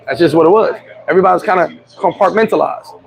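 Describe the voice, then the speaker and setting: A man's voice: sits high, quick pace, vocal fry, rough recording. A man hosting a casual livestream chat, telling blunt, profane stories. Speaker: livestream host.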